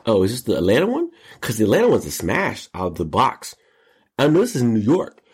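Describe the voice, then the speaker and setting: A man hosting a comedic commentary show, joking and slangy, jumping into high mock voices. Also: huge pitch swings, a little fast, a little mellow, husky. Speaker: host.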